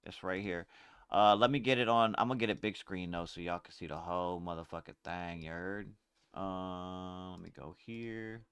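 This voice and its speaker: A man's voice: low voice, normal speed, fairly bright tone, smooth, no echo, studio quality. A man hosting a casual podcast, chatting loosely in slang while sorting out clips on screen. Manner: laid-back slang-heavy chatter, fumbling with screens. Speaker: podcast host.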